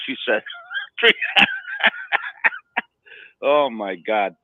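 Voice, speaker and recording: A man's voice: medium pitch, very animated, slow, long pauses, no room sound. A man telling rambling stories in a casual chat as co-host, often stammering and laughing. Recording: dry, phone-like line.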